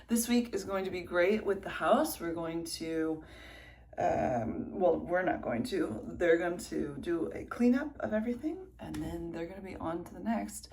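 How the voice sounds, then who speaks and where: A woman's voice: fairly low pitch, moderate pace, creaky, a little mellow. A woman in her thirties chatting casually to camera in a rambling vlog, correcting herself as she goes. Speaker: vlogger. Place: home indoors, then outdoors at a race.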